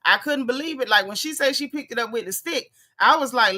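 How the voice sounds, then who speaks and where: A woman hosting a reaction video, talking straight to her viewers in a sassy, animated way. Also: a little high, brisk, hardly any pauses. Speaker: host reacting to clips. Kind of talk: casual reaction commentary.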